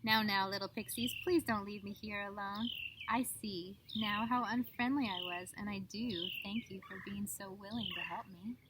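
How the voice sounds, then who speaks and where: A woman voicing a grumpy old male farmer who shouts and cries out, recorded outdoors with birdsong behind. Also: medium pitch, steady tone, normal speed, very noisy, natural voice. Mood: remorseful.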